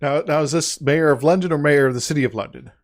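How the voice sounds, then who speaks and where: A man's voice: fairly high pitch, fast talker. A man co-hosting a podcast, jokey and rambling, laughing often in casual chat. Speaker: podcast co-host.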